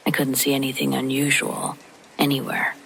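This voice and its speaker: A narrator reading a scary story aloud in a soft, half-whispered, steady way, made for listening to at bedtime. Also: medium pitch, normal speed, vocal fry, slightly rough, poor audio. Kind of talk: hushed sleep-story narration. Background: faint rain.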